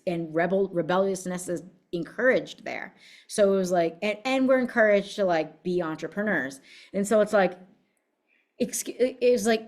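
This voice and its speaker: An American woman with a lowish, slightly mellow voice gives a casual motivational talk as a business coach. She tells her story in a blunt, fiery, profane way.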